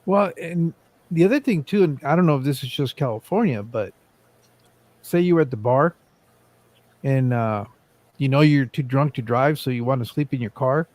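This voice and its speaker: A man's voice: mid-range voice, normal speed, pauses often, a little mellow, no room sound. A man hosting a casual livestream chat, joking and teasing his friends. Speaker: livestream host.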